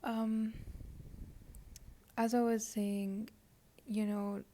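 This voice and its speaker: A young woman giving a casual tarot reading, chatty and rambling, full of likes and you-knows, sometimes dropping to a soft near-whisper. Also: medium pitch, flat delivery, drawn-out words. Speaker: tarot reader.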